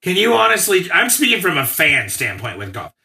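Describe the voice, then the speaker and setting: Guy w a high sharp bright voice, blunt and emphatic, casual podcast argument. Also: wildly swooping pitch, fairly quick, creaky. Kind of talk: casual debate.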